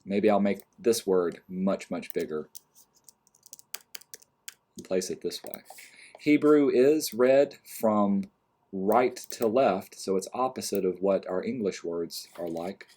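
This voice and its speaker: Male design instructor, lowish voice, calm step-by-step tutorial narration, clicks in background. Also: slow. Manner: calm step-by-step explaining, trailing off quietly. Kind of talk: screen-recorded software tutorial.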